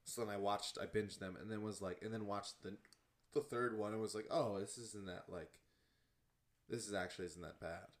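Young male podcast co-host, animated and laughing, hiccuping through casual chat. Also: fairly low pitch, moderate pace. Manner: animated, laughs loudly, says bro and dude. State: has the hiccups.

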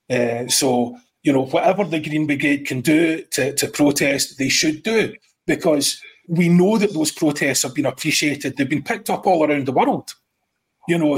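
A man's voice: mid-range voice, slightly rough, poor audio. A man speaking as a podcast guest, hesitant and full of fillers but firm in his opinions. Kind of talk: casual chat.

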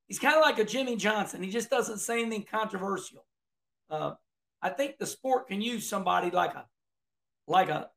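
A middle-aged man with a drawl talks through a race in a loose, folksy ramble, often starting a phrase twice. His voice sits high for a man and carries a gravelly edge. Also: fairly bright tone. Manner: folksy, rambling, repeats words and restarts. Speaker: racing commentator. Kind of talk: casual video commentary.

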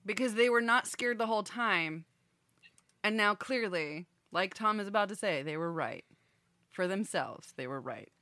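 A woman's voice: medium pitch, expressive, moderate pace, pushed and bright, no echo. A woman co-hosting a radio show, bantering casually and cracking jokes between segments. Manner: joking, playful.

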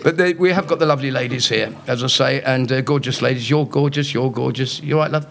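A comedian guest on a live podcast tells stories at a fast clip, his medium-pitched voice gravelly and a bit bright. He jokes, teases the live audience and laughs at his own lines.

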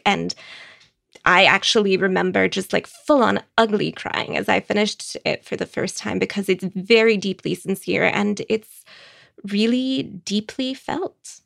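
A woman recommending books in a casual, wry, conversational way, with quick asides. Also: mid-range voice, gravelly, no room sound, clean studio sound. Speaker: book critic.

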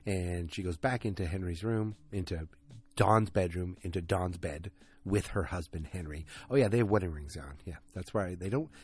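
Low, husky-voiced man recapping a show casually, opinionated and prone to tangents. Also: moderate pace. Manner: ranting, swears, goes off on tangents. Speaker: TV episode recapper.

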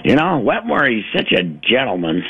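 An older man calling into a sports radio show, chatting casually and rambling with many pauses and fillers. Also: medium pitch, very animated, vocal fry, husky, narrow, tinny audio. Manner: rambling, halting with many uhs.

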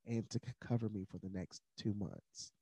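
A man speaks as a podcast guest, sharing his story in an earnest, candid and casual way. His voice sits low with a warm, mellow tone. The recording is dry and close. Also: moderate pace, creaky, husky, no echo. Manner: earnest, candid, at times emotional; conversational with fillers like uh and like. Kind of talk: personal storytelling in conversation.

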